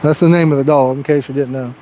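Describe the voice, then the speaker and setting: A man's voice: medium pitch, steady tone, quick pace, mellow, slight background noise. A man hosting a fishing livestream outdoors, chatting casually and telling a rambling joke with lots of "you know.". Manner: rambling, folksy storytelling with frequent "you know". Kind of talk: casual live-stream chat and joke telling. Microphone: personal microphone.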